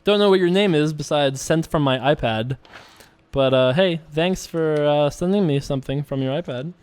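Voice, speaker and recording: A man's voice: fairly high pitch, normal speed, a little mellow, smooth. Chatty young man rambling over poker. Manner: rambling, chatty, self-correcting; reads viewer questions aloud. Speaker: online poker vlogger. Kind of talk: casual commentary while playing.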